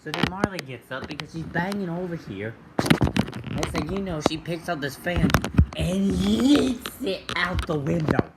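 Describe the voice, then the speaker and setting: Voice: medium pitch, expressive, measured pace, gravelly, heavy background noise. A vlogger rambling through a silly made-up story with lots of ums and asides. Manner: silly, rambling, many fillers.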